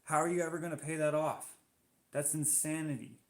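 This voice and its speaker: A man's voice: on the high side, steady tone, fairly quick. A Canadian man hosting a live stream, chatting casually as he reads out viewer comments and reacts to them. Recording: roomy echo.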